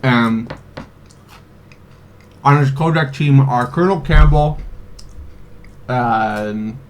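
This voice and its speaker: A man in his twenties, a video host, recaps a video game in a casual, comedic way. His medium-pitched voice moves extremely slowly as he rambles, swears, jokes, and fills the gaps with fillers and laughter.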